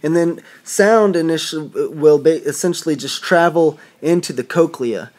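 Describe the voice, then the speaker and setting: A man's voice: fairly high pitch, moderate pace, a little mellow. A man teaching anatomy in a casual lecture, talking informally, often restarting and correcting himself as he thinks aloud. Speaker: instructor. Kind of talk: casual drawing-board lecture.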